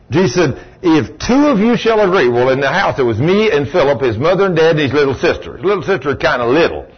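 Male preacher, husky voice, folksy storyteller, dull lo-fi recording. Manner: folksy storytelling, sudden high exclamations. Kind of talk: sermon.

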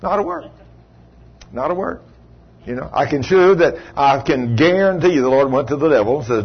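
A husky-voiced man preaching a folksy sermon, his pitch leaping and dropping as he acts out the voices in his stories. The recording is dull and lo-fi. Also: expressive, normal speed. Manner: folksy storytelling, swings from low murmurs to high cries. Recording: dull lo-fi sound.

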